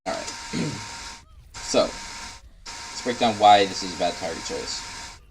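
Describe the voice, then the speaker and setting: Blunt male game coach, low voice. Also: expressive, slow, background noise. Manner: blunt, instructive, repeats advice; swears in frustration. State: tired, yawning. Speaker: game coach reviewing a player's footage. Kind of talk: coaching commentary over gameplay.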